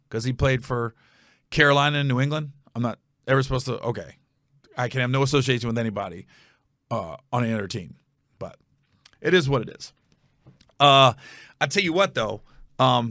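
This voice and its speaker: A man's voice: medium pitch, no echo, studio quality. A man telling a rambling story. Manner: animated, rambling, with restarts and acted-out quotes. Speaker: comedian podcast host. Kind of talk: casual storytelling monologue.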